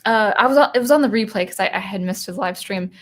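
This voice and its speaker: A woman's voice: medium pitch, fast. A woman hosting a live stream about music, talking casually and rambling with many restarts while reading out viewer comments. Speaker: music channel host.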